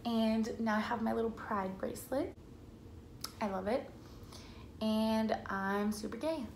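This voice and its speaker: Young woman chatting to her camera, says like a lot, kinda high voice, faint background noise. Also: unhurried. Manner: chatty, says "like" a lot, quotes herself and family in lively voices. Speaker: vlogger. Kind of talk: casual storytelling to camera. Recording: echoey room with faint ambient noise.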